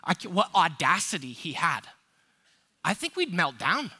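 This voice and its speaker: A man's voice: fairly high pitch, sing-song, moderate pace, sharp tone, slightly rough. A man preaching a sermon as a pastor, emphatic and conversational, asking the congregation rhetorical questions. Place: church sanctuary.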